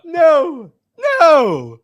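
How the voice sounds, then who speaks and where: A man's voice: very high voice, huge pitch swings, extremely slow, dry recording, muffled recording. A man co-hosting a casual sports podcast, rambling through bits and breaking into giggles as he talks. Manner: giggly, rambling, breaks into laughter while reading. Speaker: podcast co-host.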